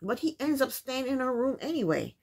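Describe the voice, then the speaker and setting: A woman's voice: high voice, sing-song, a little fast, darkish tone, breathy edge. A woman casually recapping a reality TV episode, with incredulous, opinionated commentary and rhetorical questions.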